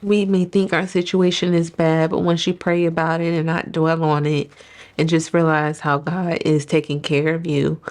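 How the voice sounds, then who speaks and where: A woman, a salon owner, giving an earnest personal faith testimony in an interview, telling her story in an animated way. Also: deep voice, normal speed.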